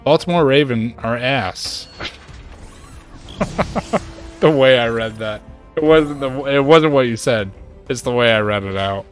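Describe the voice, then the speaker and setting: A man streaming a game and chatting casually, ranting in an animated way and jumping to high exclaims. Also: unhurried, pauses often, soft background music. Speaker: gaming streamer. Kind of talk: casual chat while playing a game.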